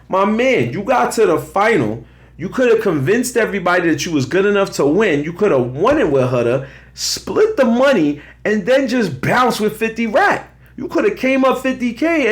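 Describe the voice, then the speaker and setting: Slangy New York man recapping TV. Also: mid-range voice. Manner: animated, slangy, talks straight to viewers. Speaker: show host. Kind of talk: casual reality TV commentary.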